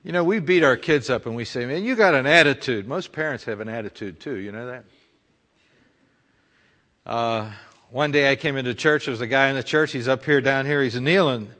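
A man's voice: mid-range voice, brisk, a bit bright, big-room sound. A male pastor preaching a conversational sermon full of rhetorical questions.

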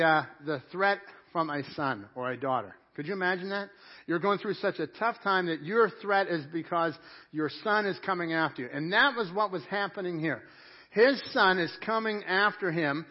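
A man's voice: sits high, dull audio. A man preaching a sermon as pastor, asking the congregation direct questions and often repeating words as he goes. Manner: repeats words and restarts phrases.

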